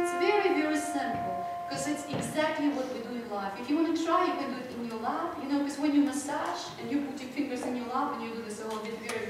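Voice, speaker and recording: A woman piano professor giving a lively workshop lecture at a conference, teasing the room with questions. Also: high voice. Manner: animated, playful, draws listeners in with questions. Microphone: distant room mic. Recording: echoey hall recorded from far off, noisy.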